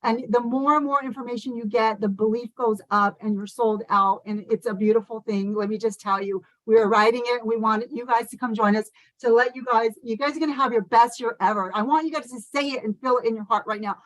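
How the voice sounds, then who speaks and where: A woman giving a fast, passionate motivational talk over a video call, full of "like" and "you guys.". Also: a little high, fairly even intonation, a bit bright, no echo, poor audio. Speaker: motivational speaker at an online conference. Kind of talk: motivational speech.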